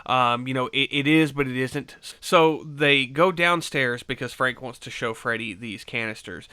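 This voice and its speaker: A man's voice: mid-range voice, unhurried, sharp tone, smooth, dry recording, clean studio sound. A man giving a casual film review, rambling through the plot with lots of fillers and swearing. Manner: loose rambling retelling full of fillers and swearing.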